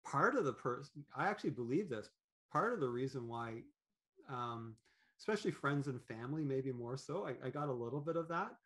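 A man talking as a podcast guest in an animated, rambling way, with many fillers and restarts. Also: mid-range voice, brisk. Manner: animated, acts out quoted thoughts in voices. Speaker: podcast guest, business owner. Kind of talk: conversational interview.

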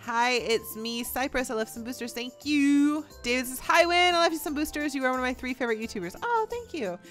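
A woman's voice: high-pitched, quick pace, fairly bright tone. Bubbly young woman gaming vlogger. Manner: bubbly, giggly, chatty. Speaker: gaming YouTuber. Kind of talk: casual gameplay commentary, reading fan messages. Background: faint game music.

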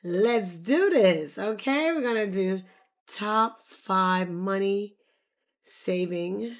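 A woman demonstrating software in a casual tutorial, bubbly and quick to exclaim. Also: mid-range voice. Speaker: content creator demonstrating software. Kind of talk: casual screen-recorded tutorial.

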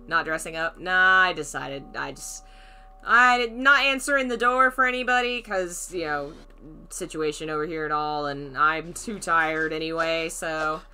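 A woman's voice: sits low, a little slow, pushed and bright, clear, resonant tone. A woman streaming a horror game, chatting casually, thinking aloud, greeting viewers and laughing often. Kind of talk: casual let's-play commentary.

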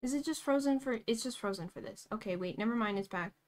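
A young woman streaming a game live, excitable and giggly, talking to herself as she plays. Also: fairly high pitch, fast.

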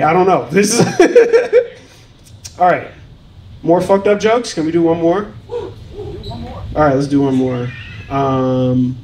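A man doing provocative stand-up on a comedy club stage, with a mock-apologetic manner. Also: sits high.

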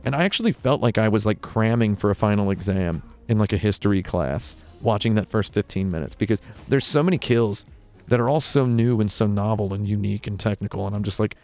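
Male host, low gravelly voice, deadpan rambling jokes, light music under, small studio. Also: fairly quick. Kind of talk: casual deadpan interview.

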